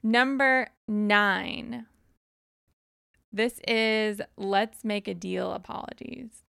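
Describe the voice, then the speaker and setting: A woman's voice: medium pitch, steady tone, extremely slow, creaky, sharp tone, smooth, no room sound, clean studio sound. A woman giving casual, direct advice and counting off numbered points in a frank way.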